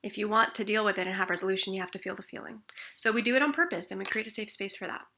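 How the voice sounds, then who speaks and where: A woman explaining emotional tapping, speaking expressively and sometimes dropping to a soft near-whisper. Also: mid-range voice, racing, a little hiss or hum. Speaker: tapping practitioner. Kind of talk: instructional explanation with demonstrations.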